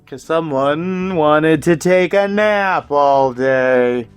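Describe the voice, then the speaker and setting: A woman's voice: deep voice, very slow, soft background music. A young woman co-hosting a casual home vlog, teasing and laughing often, recorded on a camera mic at home. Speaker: vlog co-host.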